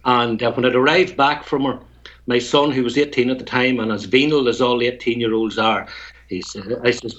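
A man's voice: medium pitch, steady tone, moderate pace, a bit bright, muffled recording. A man from Tyrone with a Northern Irish accent, a guest poet who tells stories and recites a rhymed poem, chuckling between lines. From Tyrone, Northern Ireland.

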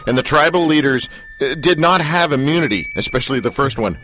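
A man hosting a casual radio talk show, jokey and lively. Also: medium pitch, a little hiss or hum. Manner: jokey, animated, does quick comic voices.

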